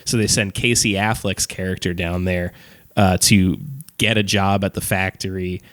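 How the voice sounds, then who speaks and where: A man's voice: low voice, level tone, normal speed, fairly bright tone. A man co-hosting a podcast, chatting casually and rambling through a story with lots of "like" and "um", swearing offhandedly and laughing as he goes. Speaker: podcast co-host reviewing films. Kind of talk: casual chat.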